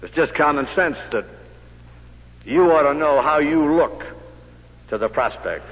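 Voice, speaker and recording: A man's voice: fairly high pitch, animated, a little slow. A man giving a motivational speech to salesmen, telling stories punctuated with punchy rhetorical questions. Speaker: speaker addressing salesmen. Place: meeting hall with audience. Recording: echoey hall on dull old recording.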